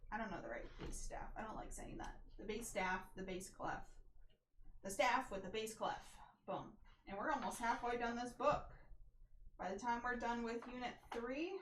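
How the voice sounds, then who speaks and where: A woman casually working through a music theory workbook, chatty and talking to herself as she goes through the answers. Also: a little high. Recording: echoey room with faint noise.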